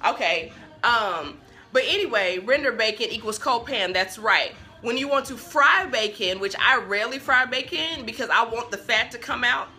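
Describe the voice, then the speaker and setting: A woman's voice: on the high side, expressive, moderate pace, pushed and bright, faint music behind. A young woman hosting a live cooking stream from her home kitchen on a phone, chatting straight to viewers and easily sidetracked. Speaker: cooking show host. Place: home kitchen with bacon sizzling in a pan. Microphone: phone on a stand.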